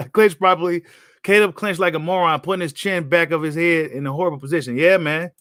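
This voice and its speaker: A man's voice: a little high, normal speed, a bit bright, no room sound, clean studio sound. Blunt, slangy man talking boxing. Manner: blunt, slangy, repeats himself. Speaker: boxing commentator host. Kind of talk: casual live-stream commentary.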